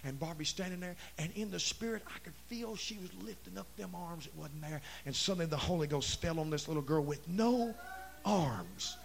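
A man preaching a Pentecostal revival sermon, shouting in rising bursts. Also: fairly high pitch, fairly quick, creaky, hardly any pauses, slight background noise. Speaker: pastor.

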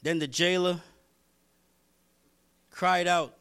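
A man preaching a sermon, reading scripture and repeating lines as he builds toward shouting. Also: high-pitched, steady tone, extremely slow, clean tone. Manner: reads scripture aloud, talks to congregation by name. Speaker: pastor.

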